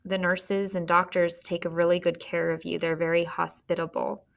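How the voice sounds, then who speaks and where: A woman teacher giving a spelling lesson to children, patient and clear, sounding words out slowly. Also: lowish voice, monotone.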